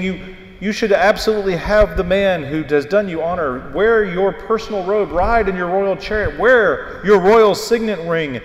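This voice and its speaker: A man voicing an egotistical, scheming royal adviser who flatters the king in drawn-out phrases. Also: high-pitched. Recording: echoey hall with long reverb.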